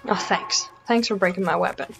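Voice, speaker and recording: A woman's voice: medium pitch, moderate pace, music in the background. A Canadian woman giving casual, self-mocking commentary over a video game, often dropping to a whisper while sneaking. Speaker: let's play gamer.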